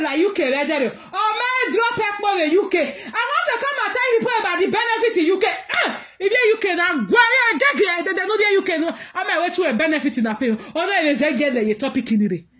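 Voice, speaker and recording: A Nigerian woman with a very high, piercing voice rants to her viewers. She slips between pidgin and English, laughs through her sentences and breaks into loud scolding bursts. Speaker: social media commentator. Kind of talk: ranting vlog commentary.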